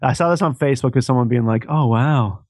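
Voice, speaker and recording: Young male co-host, mid-pitched, dry close mic, sarcastic profane rant. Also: racing, darkish tone, slightly rough, no room sound. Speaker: podcast co-host. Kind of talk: casual chat.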